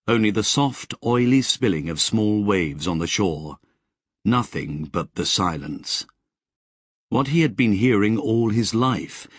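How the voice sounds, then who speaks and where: A man narrating an audiobook in a measured, expressive storytelling manner. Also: fairly low pitch, breathy edge, dry recording, studio quality. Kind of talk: scripted narration.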